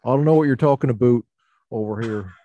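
A man's voice: medium pitch, quick pace, narrow, tinny audio, close to an everyday voice. A man putting on a drawling, boastful rural guy. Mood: mocking.

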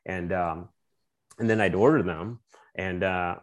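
A man from the Philippines, a guest on a video call chat, easygoing and chuckling, with halting restarts. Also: sits low. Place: home office with bookshelves.

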